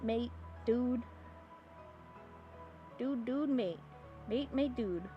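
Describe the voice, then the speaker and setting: A young woman from California chatting casually with her viewers while drawing on stream, rambling, giggly and given to sudden excited squeals. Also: on the high side, very slow, lo-fi sound. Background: faint music.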